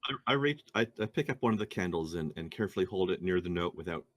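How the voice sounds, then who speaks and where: Deep-voiced man playing in character. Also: animated, fairly bright tone. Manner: drops articles in character, halting restarts. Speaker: player. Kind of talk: in-character tabletop play.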